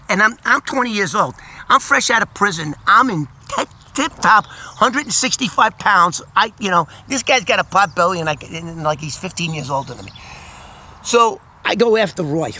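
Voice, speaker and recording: Older guy spinning a yarn, bright voice, a bit high, slight hiss behind. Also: normal speed. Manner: animated, repeats words while telling the story. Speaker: storyteller on his own channel. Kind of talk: casual first-person storytelling.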